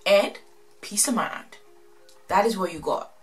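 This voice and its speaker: A woman casually recapping and commenting on a reality show, chatty and animated, acting out what the people said. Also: mid-range voice, measured pace, long pauses, faint music behind. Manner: chatty, animated, quotes people in exaggerated voices.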